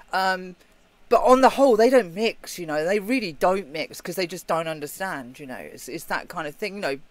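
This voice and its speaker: Here a British co-host of a live chat show speaks in a high voice with no echo. His talk is relaxed and chatty, and he reads out comments sent in by viewers.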